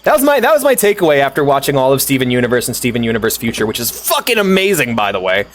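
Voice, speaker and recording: A man streaming and chatting loosely with his viewers, jumping from topic to topic with plenty of swearing and laughter. His voice sits at an ordinary middle pitch, and a faint hiss of noise runs under it. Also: very animated, very fast. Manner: rambling, swears freely, laughs often. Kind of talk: casual stream chat.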